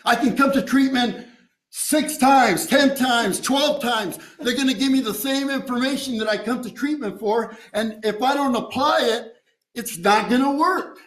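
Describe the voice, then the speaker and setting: A man's voice: extremely high pitch, a little slow, a bit bright, echoey room, rough recording. A man sharing his recovery story at a meeting, streetwise and profane, tossing in "you know" and "right?". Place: meeting room.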